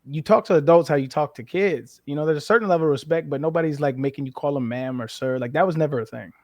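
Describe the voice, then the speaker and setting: A man in his thirties from the western United States, a former football player speaking as a guest, telling candid, animated stories laced with profanity. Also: on the high side, fast, dry recording. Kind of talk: casual conversational interview.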